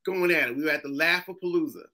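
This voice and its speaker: A man from Massachusetts, a comedian guest in casual chat, telling animated stories and acting out other people's voices. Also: fairly high pitch, quick pace, noisy background.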